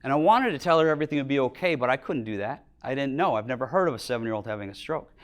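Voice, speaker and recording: A middle-aged Minnesota man racing along with lively intonation gives a motivational talk as a business owner, telling earnest stories in a lecture hall. His voice drops low and quiet at emotional points.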